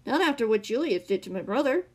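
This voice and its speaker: A woman's voice: on the high side, sing-song, quick pace, breathy edge. A woman reading the lines of a tired teenage boy who answers defiantly and sternly. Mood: firm.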